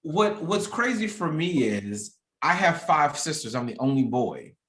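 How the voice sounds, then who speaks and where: A man's voice: a little high, big pitch swings, measured pace, a bit bright, echoey room, low-quality recording. A man in his thirties hosting a casual conversation, talking candidly and reflectively and often restarting his sentences. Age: 30s. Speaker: podcast host.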